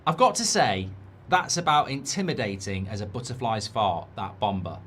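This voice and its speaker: A man's voice: medium pitch, sing-song, moderate pace, a bit bright, husky. A man hosting a football watchalong, talking in a sarcastic, blunt, rambling way. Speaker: host.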